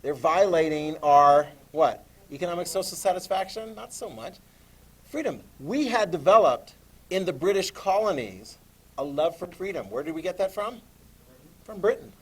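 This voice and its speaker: Animated male teacher lecturing. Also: high-pitched, moderate pace, husky. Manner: lively, animated, asks the class questions. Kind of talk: classroom lecture.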